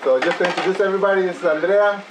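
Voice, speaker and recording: A woman's voice: lowish voice, rapid-fire. A woman hosting a casual eating video at home, chatting loosely with many fillers and restarts. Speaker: mukbang vlogger host. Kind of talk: casual chat while cooking and eating. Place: home dining table with sizzling grill. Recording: echoey room with sizzling food noise.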